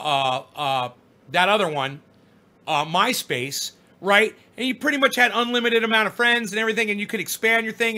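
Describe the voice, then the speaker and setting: This middle-aged live streamer has a high, bright voice and a forceful tone as he reads chat comments aloud on a casual stream, then lectures viewers with rambling profanity.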